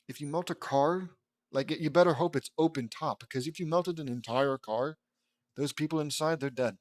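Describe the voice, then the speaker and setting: A man's voice: fairly high pitch, moderate pace, no room sound. A man reading his own fan fiction aloud and breaking off for digressive, dismissive commentary.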